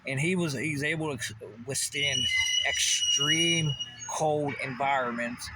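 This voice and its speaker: A man's voice: medium pitch, a little slow, heavy background noise. A man delivering a rambling, intense monologue as a vlogger, swearing often and repeating questions.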